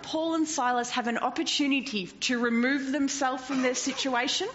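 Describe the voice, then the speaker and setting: A woman preaching a sermon in an animated way, swinging from loud to hushed and often laughing. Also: high voice, moderate pace. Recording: dull lo-fi recording with faint noise.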